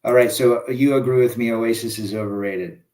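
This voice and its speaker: A man's voice: medium pitch, fairly even intonation, normal speed, a little mellow. A man hosting a casual live stream, reading viewer comments aloud and answering with blunt opinions. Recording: echoey room.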